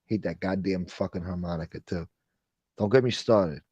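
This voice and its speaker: Chatting casually on his livestream, a man swears through his rants and thanks viewers who donate. His voice sits low and sounds a little mellow yet slightly rough, moving at a moderate pace. The sound is lo-fi, with no echo.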